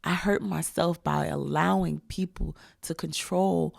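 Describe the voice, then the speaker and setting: A woman's voice: sits low, fairly even intonation, measured pace, gravelly. A woman in her thirties from New Jersey, a guest talking in casual conversation in an emphatic, slangy way. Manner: emphatic, street slang, talks like a rapper.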